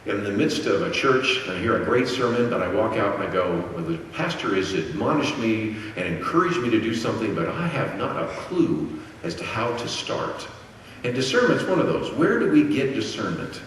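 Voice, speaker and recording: A middle-aged man giving a Christian apologetics lecture at a conference, teaching in a steady way and asking rhetorical questions he then answers himself. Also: fairly low pitch, a little hiss or hum. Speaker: conference speaker. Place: conference hall. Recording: very echoey hall, distant mic, faint ambience.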